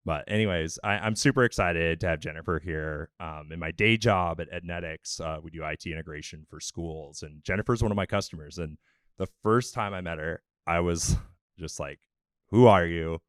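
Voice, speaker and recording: Man, very low voice, dry close sound, casual upbeat event intro. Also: a little fast, fairly bright tone, clean tone, dry recording. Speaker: event host introducing speaker.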